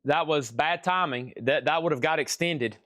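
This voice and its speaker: A man's voice: on the high side, normal speed, fairly bright tone, no echo, studio quality. Chatty man running a live record sale. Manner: chatty, reads out buyer names, prices and record conditions. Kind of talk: casual live-stream auction patter. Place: record shop.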